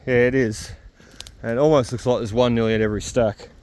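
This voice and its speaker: A man's voice: mid-range voice, steady tone, fast, darkish tone, clear, resonant tone. A man with an Australian accent, chatting casually to his camera as a metal detecting vlogger while out on a rainy hillside. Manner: chatty, laughs easily. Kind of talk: casual outdoor vlog narration.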